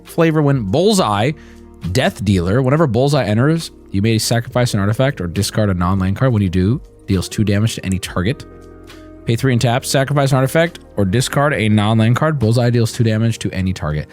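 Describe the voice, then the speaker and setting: A male streamer opening card packs live and reading the cards aloud, excitable and profane. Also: medium pitch, a little fast, faint music behind.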